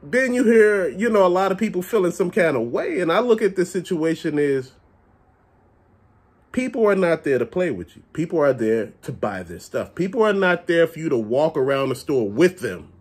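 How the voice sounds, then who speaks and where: Man, casual profane rant, blunt, lively pitch, slightly raised voice, husky. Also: moderate pace. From Chicago area. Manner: animated, blunt, curses often. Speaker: vlogger ranting about stores.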